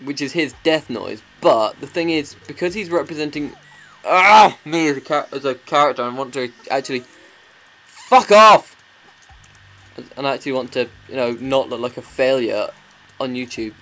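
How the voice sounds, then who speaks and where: A man's voice: medium pitch, brisk. A man giving crude, sarcastic commentary while playing a video game. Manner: crude, sweary, sarcastic ranting. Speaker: let's play commentator.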